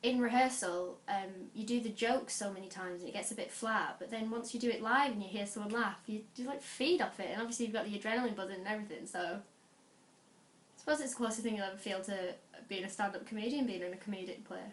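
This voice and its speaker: A woman's voice: mid-range voice, a little hiss or hum. Chatty young Lancashire woman in an echoey room. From North West England. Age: young adult. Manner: chatty, animated, quick asides and restarts. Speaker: vlogger. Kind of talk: casual chat.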